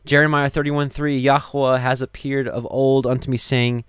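A man's voice: medium pitch, little pitch movement, normal speed, few pauses, clear, resonant tone, no room sound. Earnest man teaching scripture, dry sound. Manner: earnest, conversational, many restarts and "you know". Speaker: Torah teacher. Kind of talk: scripture reading with sermon-like commentary.

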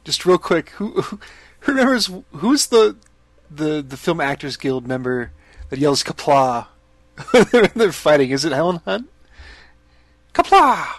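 A man's voice: on the high side, sing-song, unhurried, dry recording. A man co-hosting a casual podcast, rambling through a story and giggling throughout. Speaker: podcast co-host. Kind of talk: casual chat.

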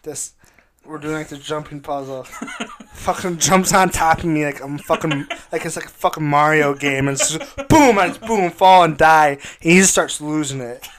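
A young man who is a guest in a casual gaming chat, telling excitable, sweary stories and saying "dude" a lot. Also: on the high side, moderate pace, crowd noise.

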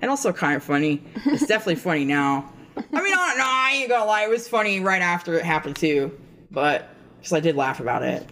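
A woman's voice: fairly low pitch, expressive, quick pace, a bit bright. A woman co-hosting a podcast, telling a rambling, profane story in casual chat. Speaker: podcast co-host.

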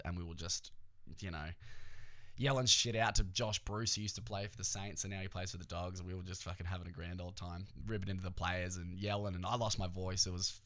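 Rambling, low-voiced Australian man. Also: fairly bright tone. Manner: rambling, profane, joking asides to the listener. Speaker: podcast host. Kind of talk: casual solo podcast chat.

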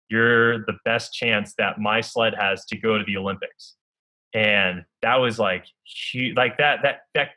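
Earnest man, bright lowish voice. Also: poor audio. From United States. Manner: earnest, halting, filler-heavy with many restarts. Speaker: Olympic luge athlete. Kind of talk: personal storytelling.

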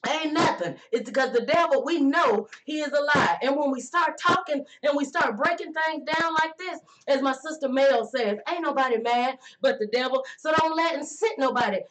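A woman preaching a lively, folksy sermon, calling out to listeners and slowing down to stress key words. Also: sits high, noisy background. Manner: folksy, call-and-response, drawn-out emphasis.

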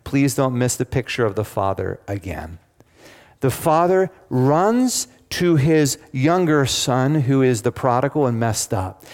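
Male preacher, mid-pitched voice, sermon, questions to the congregation, long hall reverb. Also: lively intonation, a little slow, darkish tone. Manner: engaging, asks the congregation questions.

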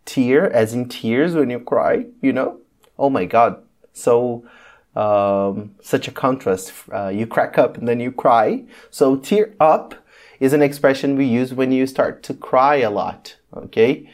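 An English teacher hosts a casual lesson, explaining patiently, checking in with "okay?" and pausing on many ums. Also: medium pitch, darkish tone. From Brazil. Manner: patient, repeats "okay?" often.

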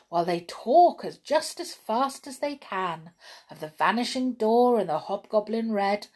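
A woman reads a children's storybook aloud. Her reading is gentle and expressive. Her voice sits at an ordinary middle pitch.

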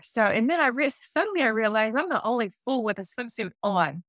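A woman, an intuitive life coach, telling a story in a casual podcast interview, animated and acting out her own inner voices, laughing often. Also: fairly high pitch, brisk, no room sound, studio quality.

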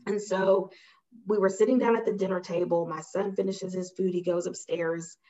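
A woman's voice: fairly low pitch, steady tone, moderate pace, dark tone. A woman guest telling a personal story in a casual, emphatic way, acting out the dialogue she recalls. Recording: slightly muffled audio.

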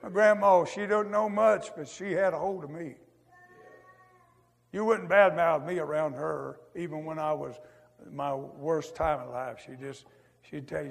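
A preacher's testimony in a high, gravelly voice, his folksy drawl carrying a long echo off the hall. He swings from loud to hushed and keeps tossing in "amen.". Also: animated, moderate pace. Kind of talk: testimony sermon. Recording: echoey hall.

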